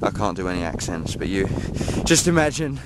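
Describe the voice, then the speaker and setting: Low-voiced and sing-song, an English vlogger talks fairly quickly to his camera while walking among dunes and woods. His casual narration is chatty and jokey, with plenty of self-mockery, over a noisy outdoor recording.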